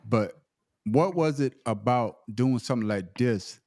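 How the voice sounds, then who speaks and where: A man hosting a podcast panel talks in a loose, rambling way and doubles back on his words. His voice sits at an everyday pitch, and the recording is close and dry with no room sound. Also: measured pace, darkish tone, dry recording. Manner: loose, rambling, repeats himself. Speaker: podcast host. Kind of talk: casual panel chat.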